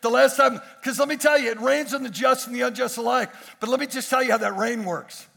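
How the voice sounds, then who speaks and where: High-voiced, gravelly preaching pastor. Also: male voice, steady tone, fairly quick, sharp tone. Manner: emphatic preaching with repeated phrases. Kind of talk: sermon.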